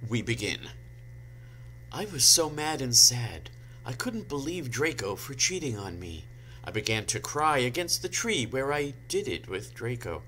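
A man reads aloud for laughs at a slow, deliberate pace. His delivery is deadpan, his voice bright and lively in pitch. He breaks off now and then for dry asides, heard over a home video call mic. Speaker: guest reader. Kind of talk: comic dramatic reading.

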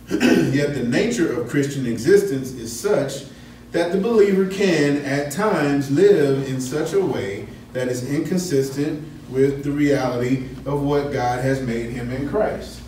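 A man's voice: mid-range voice, slow pace, a little mellow, slight background noise. A man teaching a Bible study lesson in a conversational way, asking his class questions as he explains. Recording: echoey room, mic at a distance.

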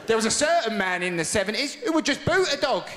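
A middle-aged man doing a live stand-up routine, telling stories in an animated, shouty way. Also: very high voice, fast talker, heavy background noise. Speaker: stand-up comedian. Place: large theatre with live audience. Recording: echoey live hall with loud audience laughter.

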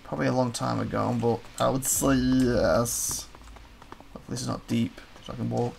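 A let's play gamer giving casual gameplay commentary, chatting to the game's characters and breaking into quick excited outbursts. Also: mid-range voice, gravelly, a little hiss or hum.

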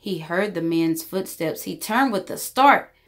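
A woman storyteller reading a rhyming children's story aloud, with expressive narration. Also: fairly low pitch, measured pace.

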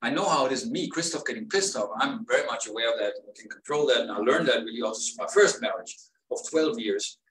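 A man's voice: medium pitch, expressive, fast talker, a bit bright, a little hiss or hum. A man talking through his pain in a rambling, emotional personal monologue as a vlogger. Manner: pained, rambling, rising to upset outbursts. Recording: roomy sound from a distance.

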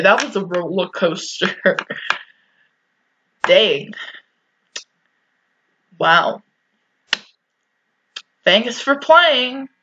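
A woman's voice: fairly high pitch, a bit bright, dull audio. A young woman playing a horror game, chatting, talking back to the game and shrieking and swearing at the scares. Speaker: gaming YouTuber. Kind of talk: let's play commentary.

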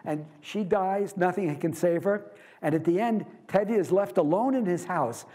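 High-voiced male lecturer. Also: moderate pace, slightly rough. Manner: lively, asks the class rhetorical questions. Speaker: literature lecturer. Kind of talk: university lecture.

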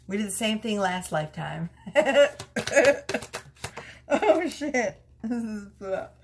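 A woman's voice: medium pitch, sing-song, slow pace, creaky, slight background noise. A woman doing a casual tarot reading, chatty and prone to fits of laughter. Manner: giggly, chatty, laughs through her words. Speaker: tarot reader.

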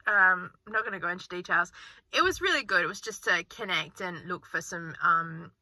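A woman's voice: lowish voice, lively intonation, fairly quick, bright, forceful tone, no echo. A woman in her forties, chatting casually and upbeat to her vlog viewers from her car, rambling on. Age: 40s. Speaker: frugal-living vlogger. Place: inside a car. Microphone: handheld phone.

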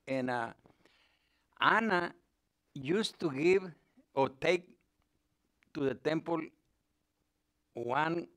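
A man slowly retelling a Bible story to a group in halting, broken English. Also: fairly high pitch, animated, fairly bright tone. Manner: halting, with broken English grammar and many pauses. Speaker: lay speaker.

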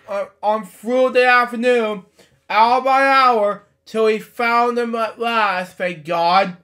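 High-voiced man stumbling through a storybook. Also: sharp tone. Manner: stumbling reading, fillers, blunt irreverent asides. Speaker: storybook reader. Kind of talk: casual read-aloud with commentary. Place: home at night.

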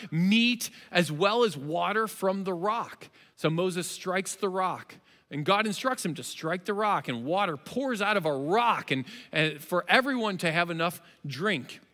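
Animated, high-voiced male preacher. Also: in a large hall. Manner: animated storytelling, acts out characters. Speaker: pastor. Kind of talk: sermon. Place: church auditorium.

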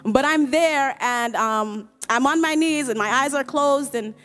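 High-voiced woman giving a church testimony. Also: a bit bright, soft background music. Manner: halting, repeats and restarts words, laughs often; earnest and emotional. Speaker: choir member giving a testimony. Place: church service.

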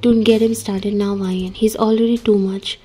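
Doting young husband and boss read by a woman, soft, mellow, storybook reading. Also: medium pitch, little pitch movement, moderate pace, husky, faint music behind, natural voice. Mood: affectionate. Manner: soft, affectionate.

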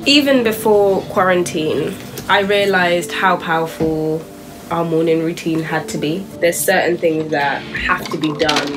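Low-voiced young woman, gentle vlog chat. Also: unhurried, low-quality recording. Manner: gentle, reflective, playful with partner. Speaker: vlogger. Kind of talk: casual chat. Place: home, indoors. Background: guitar music.

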